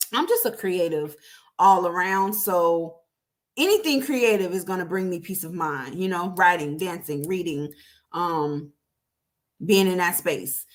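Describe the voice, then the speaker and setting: A woman talks through a casual solo podcast episode in an easygoing, chatty way. She addresses her listeners directly and laughs often as she goes. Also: fairly low pitch. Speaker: podcast host.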